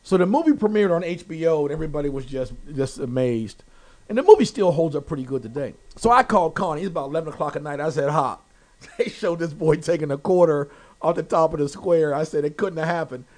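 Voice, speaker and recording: A man interviewing a guest, telling stories with lively quoted voices. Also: fast. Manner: animated storyteller, quotes people with lively pitch jumps. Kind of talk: casual storytelling interview.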